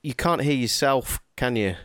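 A man co-hosts a laid-back podcast, drifting from one joke to the next and often poking fun at himself. His voice sits at an ordinary middle pitch. The sound is close and dry, with hardly any room echo. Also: moderate pace, fairly bright tone. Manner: rambling, jokey, self-deprecating. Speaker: podcast co-host. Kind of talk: casual chat.

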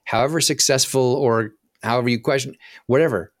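In a podcast interview, a profit coach appearing as a guest talks a little fast in a mid-range voice, explaining with animation and acting out inner voices while often stumbling and restarting sentences. The sound is dry and studio-clean.

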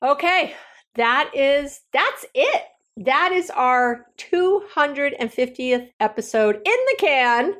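A woman's voice: high voice, lively intonation, slow, a bit bright. Earnest, heartfelt woman podcaster. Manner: earnest, heartfelt, meandering with many restarts. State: near tears. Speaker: podcast host. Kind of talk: candid solo podcast talk.

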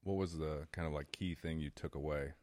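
A man's voice: a bass voice, fairly even intonation, a little fast, a little mellow, dry recording. A man with a Texan accent hosting a podcast and interviewing a guest in an upbeat, enthusiastic way. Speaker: podcast host. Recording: dry, close mic.

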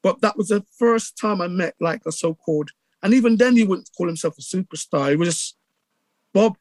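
A middle-aged man with a Bristol accent, telling stories in a casual interview with lively acted-out quotes and many restarts. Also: sits high, brisk, dry recording. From England. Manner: animated storyteller, acts out quotes, many restarts. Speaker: radio DJ guest.

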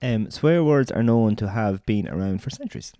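A man's voice: lowish voice, animated, moderate pace, dark tone, dry recording, clean studio sound. A man co-hosting a podcast in casual chat, reading facts aloud from his notes. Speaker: podcast co-host.

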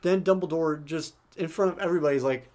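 A man's voice: a little high, fast, a little mellow. A man co-hosting a podcast, casually retelling a book with lots of fillers. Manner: loose retelling, many fillers. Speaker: podcast co-host.

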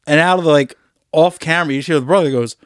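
Animated man retelling movie scenes. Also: fairly high pitch, quick pace, no echo, studio quality. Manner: animated storytelling, swearing, acting out movie lines. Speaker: podcast co-host. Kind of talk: casual chat.

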